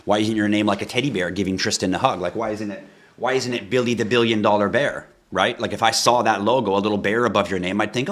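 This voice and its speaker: Guy hosting a crypto livestream, lowish voice, blunt and ranty with chat. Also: quick pace, fairly bright tone. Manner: blunt, ranting, talks to chat viewers. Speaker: livestream host. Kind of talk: live crypto stream chat.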